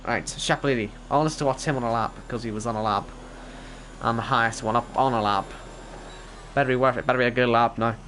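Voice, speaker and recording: A man's voice: medium pitch, steady tone, fast, fairly bright tone, slight background noise. A Northern Irish man casually commentating an online race league stream, rambling, joking at his own expense and reading out chat messages.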